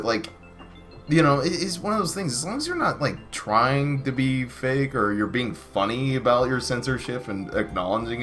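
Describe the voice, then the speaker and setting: A man's voice: mid-range voice, bright, forceful tone. A man hosting a casual podcast, rambling with lots of fillers and restarts. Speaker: podcast host.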